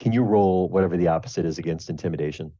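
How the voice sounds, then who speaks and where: A man narrating as game master of a tabletop game, rambling and halting with many fillers. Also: sits low, warm tone, no echo, highs cut off.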